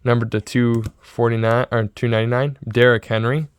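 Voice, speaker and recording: A man in his early twenties talking in a casual, rambling vlog style, excitable and repeating himself. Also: medium pitch, fairly quick, clear, resonant tone, dry recording. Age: 20s. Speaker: sports card seller and vlogger.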